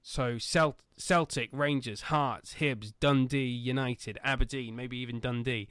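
A man co-hosting a casual football podcast, talking animatedly with loud bursts, swearing and laughing at his own jokes. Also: medium pitch, fairly even intonation, unhurried, hardly any pauses, smooth, no echo, clean studio sound. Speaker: podcast co-host.

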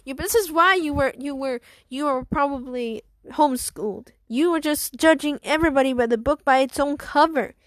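A woman's voice: sits high, moderate pace, few pauses, dry recording, lightly acted. A woman voicing a bossy schoolboy who lectures and rambles. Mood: scolding. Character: bossy know-it-all schoolboy.

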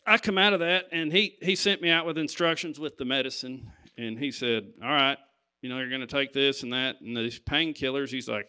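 A man's voice: medium pitch, pushed and bright, clean tone. A man preaching, telling a personal story to his congregation and stopping to ask "Amen?". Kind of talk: sermon testimony.

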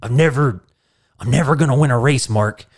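A man's voice: mid-range voice, a little fast, natural voice. A man doing a light impression of an action-movie star as a despairing racer, a bit raised and whiny.

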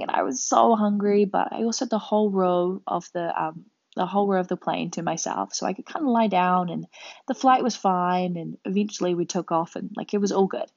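A woman's voice: fairly low pitch, a little mellow, no echo. A young woman hosting a podcast, telling a travel story in a rambling, chatty way full of fillers. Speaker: podcast host. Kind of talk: casual storytelling monologue. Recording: dull lo-fi dry home recording.

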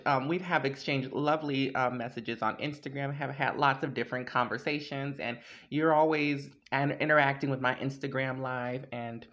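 A woman hosting a podcast, chatting casually and introducing her guest with lots of fillers. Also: extremely low pitch. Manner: chatty, warm-hearted, filler-heavy. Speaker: podcast host.

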